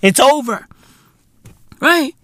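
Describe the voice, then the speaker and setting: A man tears into his subject in a comedic podcast rant, loud, profane and mocking. His pitch leaps and swoops all over the place. The sound is dry and close, with no room around it. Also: lively intonation, slow pace, no echo. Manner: loud, profane, mocking, often breaks into shouts and laughs. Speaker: podcast host.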